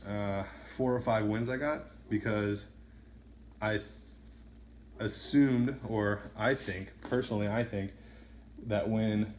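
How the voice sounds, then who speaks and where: A man's voice: mid-range voice, darkish tone, echoey room, slight background noise, poor audio. Rambling man counting dice rolls. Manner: rambling, counting results aloud. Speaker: craps vlogger. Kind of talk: casual talk while throwing dice. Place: indoors at a home dice-practice setup.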